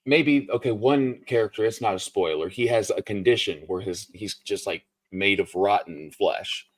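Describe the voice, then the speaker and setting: A man's voice: fairly low pitch, normal speed. A man from Ohio with an Ohio American accent, hosting a casual book interview with lots of fillers and laughs. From Ohio, USA. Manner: rambling, laughs often, many fillers. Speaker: book channel host.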